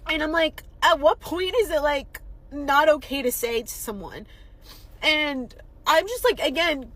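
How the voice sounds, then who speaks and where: Tearful high-voiced woman venting indignantly. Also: fairly bright tone, poor audio. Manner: indignant, exasperated, swearing. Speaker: healthcare worker. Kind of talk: emotional storytime vent to camera.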